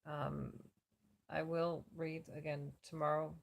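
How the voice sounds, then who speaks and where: An exhausted woman vlogging from her cot on a phone camera, her worn-out voice a little slurred as she rambles with many pauses. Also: low-pitched, flat delivery, gravelly. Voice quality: slightly slurred. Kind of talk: casual check-in vlog. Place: lying on a cot at home.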